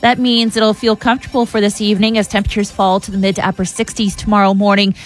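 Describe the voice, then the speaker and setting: A woman meteorologist giving a brisk radio weather forecast. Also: medium pitch, level tone, faint music behind.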